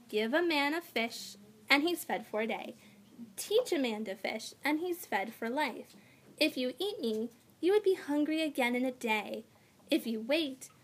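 A woman's voice: high voice, pitched above the performer's own voice. A woman voicing an imaginative young schoolgirl who talks earnestly and insistently. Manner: earnest, pleading, bargaining.

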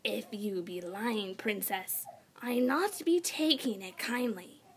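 Woman doing a slow hissing bridge troll. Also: medium pitch. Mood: menacing. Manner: slow, broken grammar, hissing and growling. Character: menacing male bridge troll, thin and ugly.

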